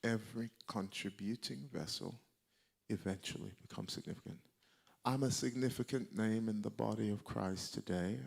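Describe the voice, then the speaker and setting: Gravelly-voiced male preacher. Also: fairly low pitch, normal speed, a little mellow. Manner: emphatic, repeats key lines for effect. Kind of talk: sermon.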